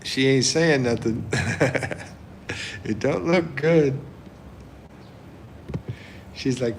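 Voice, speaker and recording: A man hosting a livestream, reading chat comments aloud and chuckling often in a relaxed way. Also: mid-range voice, extremely slow, long pauses, slight background noise. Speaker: livestream host.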